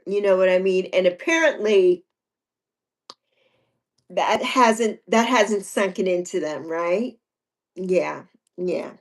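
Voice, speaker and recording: A woman in her sixties with a medium-pitched, fairly bright voice hosts a casual livestream. She is chatty, repeats things, reads viewer comments aloud and laughs a good deal.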